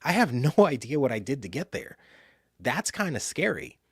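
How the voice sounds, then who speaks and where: A man telling a personal story in an animated way, dropping to a hush and jumping up loud when he acts out what others said. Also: medium pitch, normal speed, slightly rough, no room sound, clean studio sound. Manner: animated, jumps from hushed to loud mimicry. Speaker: speaker and author.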